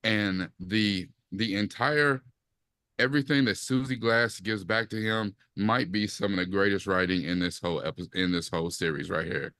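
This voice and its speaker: A man co-hosting a podcast, talking casually about a TV series and acting out quoted lines in lively bursts. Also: on the low side, normal speed, dry recording. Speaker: podcast co-host. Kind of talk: casual chat, TV review.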